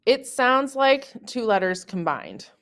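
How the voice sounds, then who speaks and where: A woman French teacher narrating a scripted lesson, saying example words slowly and carefully. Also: on the high side, big pitch swings, a bit bright.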